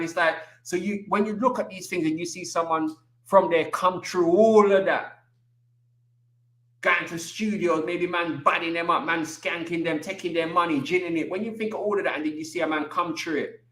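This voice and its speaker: Animated man with street slang. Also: fairly high pitch, normal speed, roomy sound. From England. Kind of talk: casual chat.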